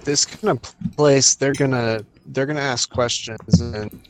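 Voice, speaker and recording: A man's voice: medium pitch, steady tone, measured pace, a little hiss or hum. A man playing a tabletop game, thinking aloud and trailing off mid-sentence. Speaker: player. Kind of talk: casual tabletop play.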